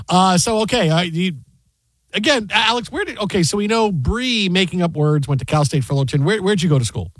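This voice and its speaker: A man's voice: high-pitched, no room sound. A man hosting a talk radio show, joking and bantering with his co-hosts. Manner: animated, joking, quick to laugh.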